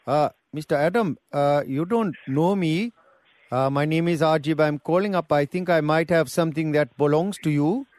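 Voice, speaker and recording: A man's voice: a little high, moderate pace, a little mellow, no room sound, pitched above the performer's own voice, lightly acted. A man playing a pushy, crude restaurant owner who haggles over a lost bag on a radio prank call. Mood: smooth haggling. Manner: haggling, blunt, crude threats. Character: pushy male restaurant owner demanding a reward. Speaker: prank caller.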